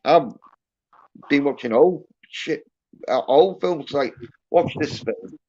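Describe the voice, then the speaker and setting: A man from the UK, a guest on a livestream, chatting in a halting, filler-heavy, profane way. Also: on the high side, lively intonation, dark tone, slight background noise. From United Kingdom. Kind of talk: casual chat. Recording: dull lo-fi stream audio.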